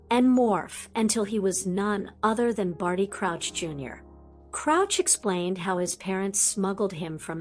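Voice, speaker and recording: Woman, audiobook narrator, steady storytelling, medium pitch, faint music behind.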